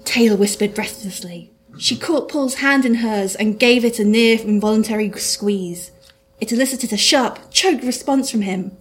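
A woman's voice: a little high, normal speed. A woman reading her own comic detective story aloud to a live audience, with a dry delivery.

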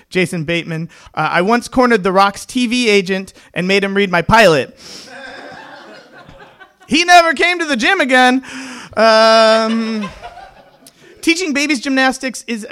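High-voiced male stand-up comic. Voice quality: tenor voice. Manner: deadpan storytelling with quoted voices, laughs at own jokes. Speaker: stand-up comedian. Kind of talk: stand-up comedy set.

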